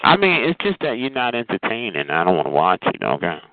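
A man's voice: on the low side, wildly swooping pitch, brisk, dry recording. A man ranting on the phone in a sassy, mocking way, calling people honey and child. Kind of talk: profane phone rant. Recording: tinny phone line with faint noise.

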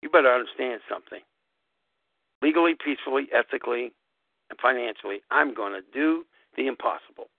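A man hosting a live podcast, giving an emphatic, preachy motivational talk that repeats phrases and swings sharply up and down in pitch. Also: fairly quick, dry recording. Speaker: host of a gaming club podcast. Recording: dry, tinny phone-like audio.

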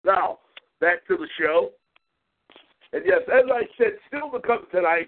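A man's voice: high voice, very animated, a little slow, pauses often. A man hosting a talk show, ranting profanely, taunting rivals and repeating a catchphrase. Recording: tinny phone-like audio.

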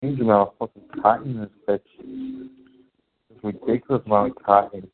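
A man's voice: fairly low pitch, steady tone, moderate pace, phone-quality sound. A laid-back, cursing man chatting on a phone chat line. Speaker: caller.

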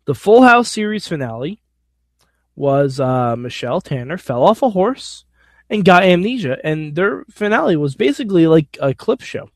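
A man's voice: a little high, big pitch swings, normal speed, no room sound, studio quality. A man hosting a podcast alone, giving a casual wrestling recap in an opinionated, blunt, sometimes profane way. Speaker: podcast host.

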